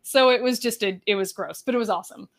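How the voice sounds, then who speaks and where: A woman's voice: medium pitch, fast. A young woman talking as a podcast guest in casual chat, full of likes and ums. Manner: chatty, filler-heavy with frequent likes and ums.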